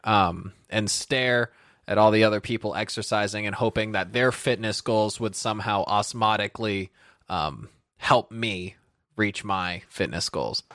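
A man's voice: lowish voice, a little slow, fairly bright tone, dry recording. Rambling self-mocking man, dry close sound. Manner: rambling, self-deprecating storyteller. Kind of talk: casual chat.

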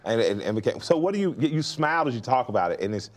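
A man's voice: medium pitch, sing-song, quick pace. A man interviewing a guest in a casual talk, encouraging with frequent yeahs and asking reflective questions. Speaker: interviewer, rapper.

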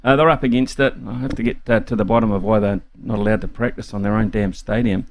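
A man hosting sports talkback radio, chatty and casual with many pauses. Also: on the low side, fairly even intonation, a little hiss or hum.

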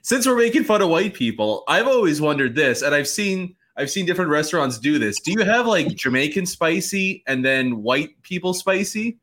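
A man hosting a casual interview, curious and quick to laugh along. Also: fairly high pitch, sing-song, fairly bright tone. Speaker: interview host.

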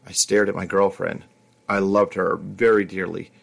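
A man narrating a first-person story in a slow, intimate way, with occasional stumbles. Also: low-pitched, level tone, gravelly.

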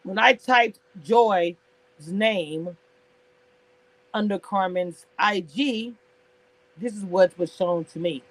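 A sassy woman talks straight to her live-stream viewers, teasing and laughing as she goes. Her voice sits at a middling pitch. The sound is close and dry, with no room around it. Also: slow, pauses often, no echo, rough recording. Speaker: reality TV commentator on a live stream. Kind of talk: casual live-stream chat.

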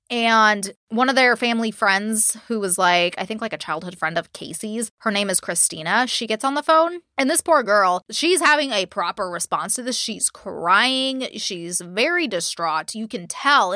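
Profane, bright-voiced woman podcaster. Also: mid-range voice, moderate pace, few pauses, no echo, clean studio sound. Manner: profane, animated retelling with quoted voices. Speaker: podcast co-host. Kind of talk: casual true-crime podcast chat.

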